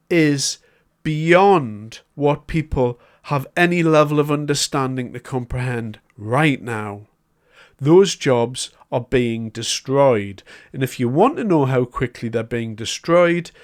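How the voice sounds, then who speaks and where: A man giving a solo political commentary, talking in a conversational, emphatic way as he builds his argument point by point. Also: mid-range voice.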